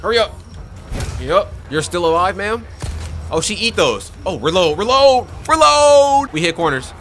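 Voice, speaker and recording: A young man giving excitable let's play commentary on a horror game, talking to his viewers and yelling at enemies on a desk microphone. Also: fairly high pitch, normal speed, slight background noise. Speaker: gaming youtuber.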